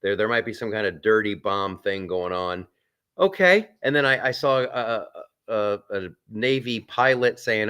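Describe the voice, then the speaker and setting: A man's voice: fairly low pitch, animated, moderate pace, sharp tone, smooth. A man hosting a live stream from a film set. He chats casually, reads out viewer comments and rambles with restarts and asides.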